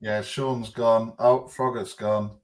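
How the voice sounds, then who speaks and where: A man's voice: on the low side, flat delivery, slow pace. A man co-hosting a casual football chat, speaking hesitantly as he thinks aloud. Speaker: co-host.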